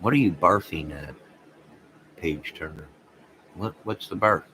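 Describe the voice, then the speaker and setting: A man hosting a casual livestream, rambling excitedly and talking to viewers by name. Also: deep voice, measured pace, slight background noise, poor audio. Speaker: livestream host reading chat.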